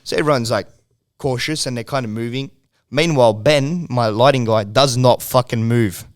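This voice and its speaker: A man's voice: medium pitch, moderate pace. An Australian man, a music video producer, tells a story on a casual podcast, swearing freely and rambling with frequent laughs. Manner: profane, rambling, laughs often.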